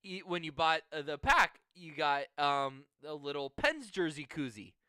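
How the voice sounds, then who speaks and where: Bright, crisp-voiced man. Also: a little high, lively intonation, measured pace, no room sound. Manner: profane, storytelling, laughs often. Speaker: podcast co-host. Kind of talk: casual sports chat.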